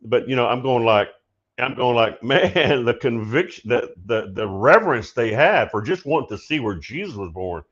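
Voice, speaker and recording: A man of middle pitch tells a story on his prophetic call-in show. His delivery is casual and animated, with frequent laughter. The sound is slightly dull and lo-fi. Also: moderate pace. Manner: animated, laughs often, shouts when acting out his story. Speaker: prophetic minister and show host.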